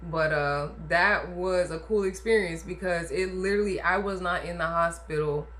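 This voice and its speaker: A woman with a fairly low voice tells a personal story in a loose, chatty way. She talks emphatically and keeps tossing in little asides to the listener. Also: moderate pace, a bit bright. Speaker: vlogger telling her birth story. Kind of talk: casual storytelling.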